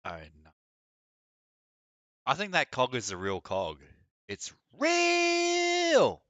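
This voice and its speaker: A man's voice: sits low, very animated, unhurried, pushed and bright, dry recording. A young man chatting casually on a live gaming stream, blunt, opinionated and mocking. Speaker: game streamer.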